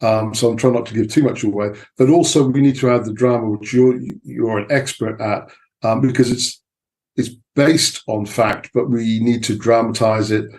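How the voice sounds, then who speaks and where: A man's voice: mid-range voice, fairly even intonation, moderate pace, a little mellow. A middle-aged man from England, a film director chatting as a guest and telling stories with many fillers and restarts. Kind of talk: casual interview chat.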